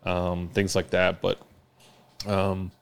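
A man's voice: deep voice, completely flat delivery, creaky, clean tone. A man in his forties, a former quarterback hosting a podcast, telling stories in casual chat and acting out the lines of the people in them. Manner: rapid storytelling, acts out quotes.

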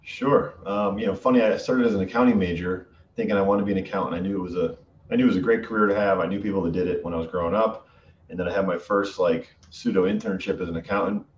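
Deep-voiced man, roomy distant sound. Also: quick pace, slight background noise. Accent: Connecticut-like neutral New England. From Western Massachusetts. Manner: relaxed, many ums and restarts. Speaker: guest, sales executive. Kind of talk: casual interview chat. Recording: muffled, roomy, distant from mic.

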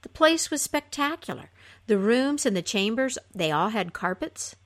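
A woman telling a fairy tale aloud in an unhurried, expressive way, her voice softening at the ends of phrases. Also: fairly high pitch. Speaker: storyteller.

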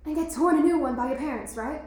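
Actress playing a sharp-tongued cynical schoolgirl, high voice, big echoey hall, stage play. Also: quick pace, slight background noise, natural voice. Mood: scornful. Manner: provocative, mocking. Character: cynical, intense teen girl student.

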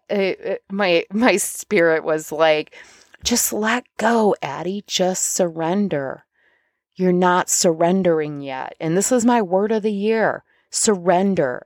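A middle-aged woman coach talking casually about spiritual self-help, chatty and animated when she acts out her inner dialogue. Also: lowish voice, no echo, clean studio sound. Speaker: podcast host and coach.

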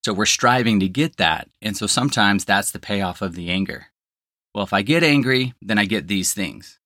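A man's voice: on the low side, normal speed, bright, forceful tone, dry recording, studio quality. A man hosting a solo podcast, explaining ideas in a conversational counselor's way, often checking in with "right?" and the odd "um". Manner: conversational, frequent "right?" and "um" fillers.

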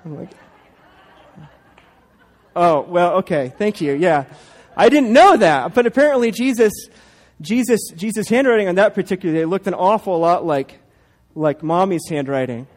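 A man's voice: sits high, lively intonation, fairly quick, a little mellow. A man in his thirties, a pastor, preaching a sermon and telling a family story with playful asides.

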